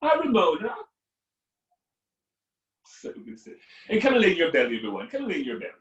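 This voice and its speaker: A man teaching a live online yoga class, giving calm guiding cues to his students. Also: high-pitched, fairly quick, dull audio. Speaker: yoga instructor. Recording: echoey room from far off.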